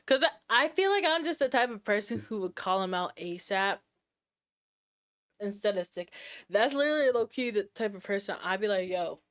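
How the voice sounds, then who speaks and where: A woman streamer chatting casually with her live audience, sassy and slangy, full of quick asides and restarts. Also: mid-range voice, lively intonation, fairly bright tone.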